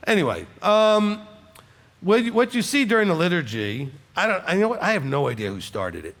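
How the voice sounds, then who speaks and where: A man's voice: high voice, big pitch swings, fairly quick, fairly bright tone, big-room sound, slight background noise. A man with a Southern US accent, a rabbi from Alabama answering congregants' questions conversationally and often adding "okay?" for emphasis. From Alabama, USA. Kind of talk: congregational Q&A teaching. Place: congregation hall.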